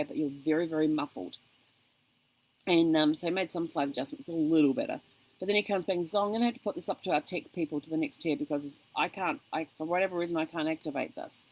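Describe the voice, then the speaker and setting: A woman's voice: low voice, darkish tone, low-quality recording. A middle-aged woman vlogging in casual chat, telling a story with animation and acting out phone calls in other voices. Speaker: vlog host.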